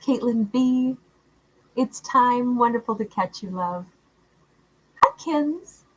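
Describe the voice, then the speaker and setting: A woman's voice: on the high side, animated, slow, slight background noise, rough recording. Woman host chatting to her stream chat, sweet and affectionate, laughs a lot. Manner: warm, affectionate, calls viewers love and honey; laughs often. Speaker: tarot livestream host. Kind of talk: casual livestream chat reading out viewer comments.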